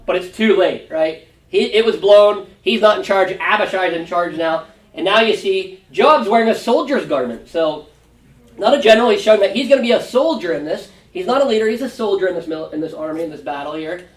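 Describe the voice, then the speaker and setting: A male pastor teaching a Sunday school Bible lesson in a conversational, animated way. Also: sits high, fairly quick. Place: church classroom. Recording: roomy room, distant mic.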